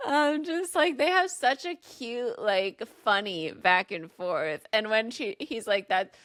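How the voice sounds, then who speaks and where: A woman co-hosting a podcast in casual chat, animated and giggly, acting out scenes as she talks. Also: a little high, takes it slowly, dry recording. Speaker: podcast co-host.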